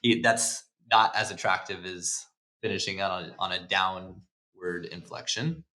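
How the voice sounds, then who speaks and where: Laid-back low-voiced male podcast host. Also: steady tone, unhurried, bright, forceful tone. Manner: laid-back, swears, laughs often. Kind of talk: casual film-analysis chat.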